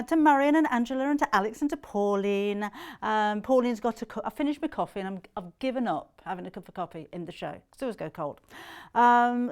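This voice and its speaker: A woman's voice: fairly high pitch, darkish tone, clear, resonant tone. Chatty British woman presenting live. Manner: chatty and bubbly, frequent laughs and ums. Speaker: shopping channel presenter. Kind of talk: live TV shopping chat. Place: TV studio.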